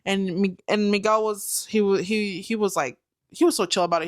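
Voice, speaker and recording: A woman's voice: mid-range voice, steady tone, normal speed. A young woman chats casually as a guest and tells her story in a loose, swearing, storytelling way. She often slips into other people's voices for the quotes. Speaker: guest, new mother. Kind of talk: casual chat.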